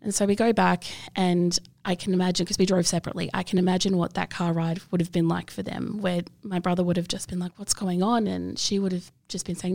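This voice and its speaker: A woman's voice: lowish voice, little pitch movement, fast, gravelly, hardly any pauses, a little mellow, dry recording. A young woman telling a personal story in an interview, earnest and open, with frequent fillers. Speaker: interview guest.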